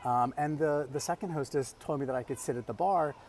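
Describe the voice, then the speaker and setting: A man's voice: mid-range voice, brisk, a little mellow, a little hiss or hum. A man hosting a casual vlog, telling a travel story in a chatty way with many fillers and restarts. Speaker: vlog host. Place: traveling abroad, outdoor ambience.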